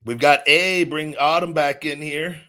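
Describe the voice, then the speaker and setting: A man's voice: on the high side, steady tone, unhurried, sharp tone. A man hosting a call-in show, telling stories bluntly and swearing freely. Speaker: podcast host taking callers. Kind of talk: casual profane storytelling.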